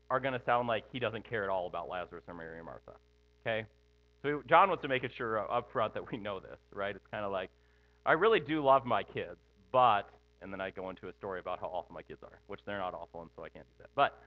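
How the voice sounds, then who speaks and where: A man's voice: medium pitch, no echo. A middle-aged man preaching a sermon in a conversational way, thinking aloud with frequent asides. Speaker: pastor. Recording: tinny phone-like sound with mains hum.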